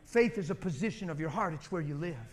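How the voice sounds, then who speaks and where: A man's voice: a little high, quick pace. A middle-aged male pastor preaching and leading a congregation in prayer, conversational and exhorting, repeating short commands. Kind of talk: sermon leading group prayer.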